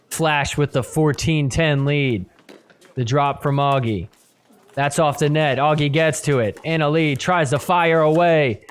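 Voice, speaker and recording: A man hosting a podcast, giving excitable play-by-play commentary over match footage and shouting at the big points. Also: a little high. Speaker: podcast host.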